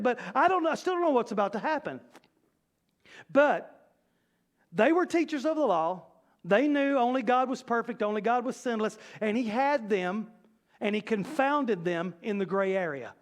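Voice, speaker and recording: A man preaches to his congregation. His voice sits unusually high for a man, and he talks in an animated, conversational way with playful asides. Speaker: pastor. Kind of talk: sermon. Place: church sanctuary.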